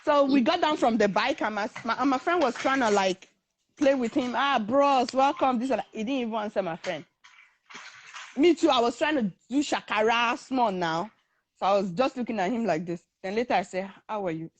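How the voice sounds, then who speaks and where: A woman's voice: fairly high pitch, a little fast, a little hiss or hum. A young woman, telling her own story in a casual talk and acting out the voices of the people in it. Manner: animated, acts out the voices of others in her story.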